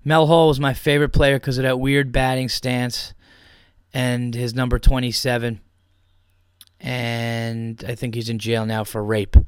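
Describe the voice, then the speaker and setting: A man's voice: medium pitch, little pitch movement, unhurried, clean tone, dry recording, clean studio sound. A man hosting a podcast, ranting about football in a heated, profane way and repeating his points. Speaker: podcast host. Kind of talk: opinionated sports rant.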